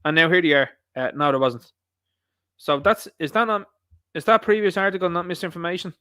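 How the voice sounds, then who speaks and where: A man's voice: fairly high pitch, a little fast, bright, forceful tone, clean tone, no room sound. Irish man, rambling live-stream host. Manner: rambling, opinionated, addresses viewers directly. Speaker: host of an online commentary show. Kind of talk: live-stream commentary reacting to posts.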